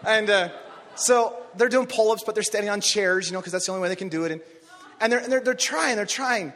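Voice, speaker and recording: A man preaching a sermon, telling a story with animated energy and rising to shouts on key phrases. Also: sits high, a little fast. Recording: long reverb of a large hall.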